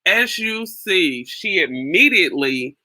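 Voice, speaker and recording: Bright-voiced woman giving casual commentary. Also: lowish voice, animated, takes it slowly. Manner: conversational, repeats words while thinking. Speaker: commentary channel host. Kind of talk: casual commentary on a viral video.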